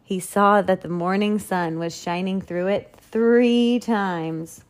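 A woman narrating a children's picture book in a slow, unhurried way. Her reading is expressive, with a middle-range voice that takes its time over each phrase. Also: mid-range voice. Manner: slow, expressive storytelling delivery. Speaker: storyteller. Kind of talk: picture book read-aloud.

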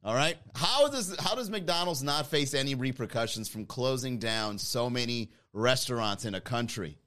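A man's voice: mid-range voice, expressive, moderate pace, pushed and bright. A man streaming casual comedic commentary on the news, jokey and rambling. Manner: jokey, rambling, laughs often.

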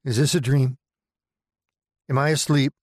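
A man's voice: medium pitch, steady tone, a little slow, dry recording, clean studio sound, voice pushed up, close to an everyday voice. A man doing a shaky, frightened young woman. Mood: anxious. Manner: anxious, shaky. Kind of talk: dramatic storytelling narration.

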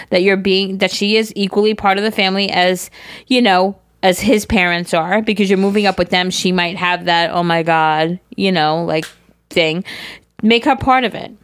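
A woman in her forties talks straight into a podcast mic, blunt and motherly as she hands out advice. Her pitch sits in the middle, and the sound is dry and close with no room echo. She swears casually and lets her feelings show. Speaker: podcast co-host.

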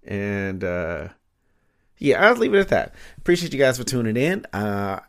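A man's voice: lowish voice, sing-song, moderate pace. A man hosting a solo podcast in a casual, rambling way, laughing often, with lots of fillers and swearing, recorded on a studio microphone. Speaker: podcast host.

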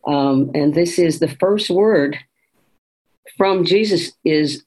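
A woman co-hosting a podcast walks through a scripture scene in an easy conversational tone. She quotes the lines as she goes, with an even, reflective manner. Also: low-pitched, slow pace, slightly rough, rough recording. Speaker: podcast co-host. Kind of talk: conversational faith podcast discussion.

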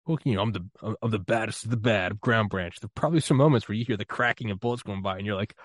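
Talking fast in a voice on the low side, a man from the United States hosts a casual interview podcast, rambling loosely, running himself down, and laughing often. It's studio quality with no echo.

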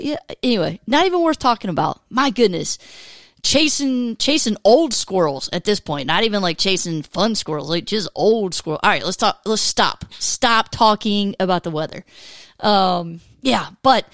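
A woman, hosting a casual faith podcast in a chatty, animated way and laughing often. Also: mid-range voice, moderate pace, dry recording, studio quality. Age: 40s. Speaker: podcast host.

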